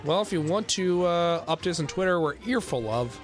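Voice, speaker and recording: A man's voice: high voice, lively intonation, a little fast, faint music behind. A man co-hosting a podcast in a casual chat, joking and teasing his partner. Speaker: podcast co-host.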